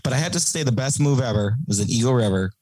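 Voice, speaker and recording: A man's voice: medium pitch, expressive, fast talker, warm tone, no echo, rough recording. A man talking as a guest on a podcast, telling stories in a casual chat, laughing often and acting out what people said. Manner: laughing storyteller, acts out quotes.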